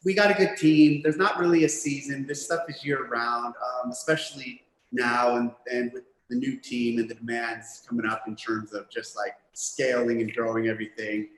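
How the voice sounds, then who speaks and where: A man being interviewed as a guest on a podcast, answering in a measured, matter-of-fact way. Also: mid-range voice, level tone, reverberant, poor audio. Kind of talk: casual interview chat.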